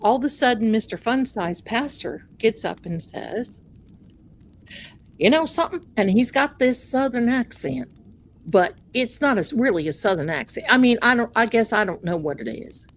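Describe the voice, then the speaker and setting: A woman's voice: a little high, expressive, normal speed, slight background noise. A woman hosting a live stream who tells a chatty, folksy, self-mocking story. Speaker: livestream host.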